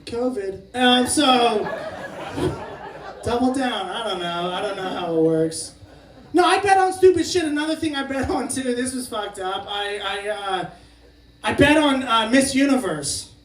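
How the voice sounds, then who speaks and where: A man in his late twenties doing a stand-up comedy set, telling brash, profane stories with loud outbursts. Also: very high-pitched, animated, measured pace, recorded from a distance, slight background noise. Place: crab shack venue with live audience. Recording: roomy live recording from off-mic, crowd laughter.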